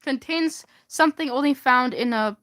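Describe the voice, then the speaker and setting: A woman's voice: high voice, normal speed, a bit bright. A young woman casually reading her old fanfiction aloud for laughs, giggling and stumbling over the words.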